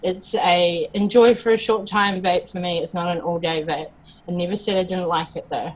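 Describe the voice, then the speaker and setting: A woman's voice: fairly low pitch, fairly even intonation, moderate pace, poor audio. A woman hosting a casual livestream chat, bantering and laughing easily with her co-hosts over a video call. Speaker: show host.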